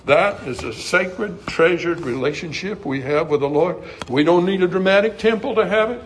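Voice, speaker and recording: A man preaching a sermon in a folksy, earnest way, rising to loud emphasis and dropping to hushed asides. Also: high-pitched, moderate pace, slight background noise.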